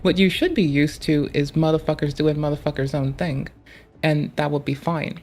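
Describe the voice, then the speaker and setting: A woman with a low voice, talking casually over a game. She is blunt and sardonic and swears a lot. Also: steady tone, brisk, darkish tone. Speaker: gaming partner on stream. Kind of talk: casual chat while gaming.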